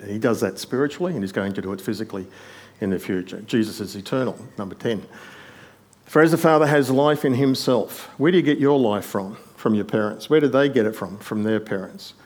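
With a fairly low voice, a man preaches an expository sermon, climbing to emphatic peaks on quoted lines and going quiet for asides.

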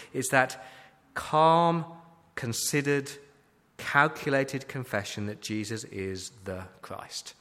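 A man's voice: mid-range voice, a bit bright. A man preaching a sermon as pastor, emphatic, asking repeated rhetorical questions. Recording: long hall reverb.

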